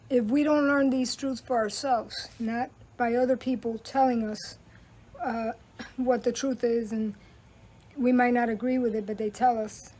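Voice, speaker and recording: High-voiced woman life coach reading aloud. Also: slightly rough, low-quality recording. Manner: chatty, warm-hearted devotional reader, slows down to read aloud. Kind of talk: live-stream book reading and reflection. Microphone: webcam or phone on a live stream.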